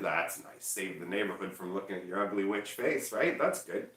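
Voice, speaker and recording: Loud energetic guy rambling on stream, echoey room, sitting back from the mic. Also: sits low, moderate pace, far from the mic. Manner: loud, energetic, animated, mocks chat. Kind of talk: casual livestream chat.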